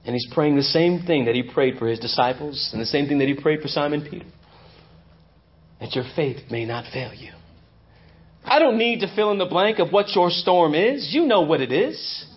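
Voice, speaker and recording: A male pastor preaching a sermon, swinging between loud emphasis and hushed intensity. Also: fairly high pitch, lively intonation, normal speed, lo-fi sound. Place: church.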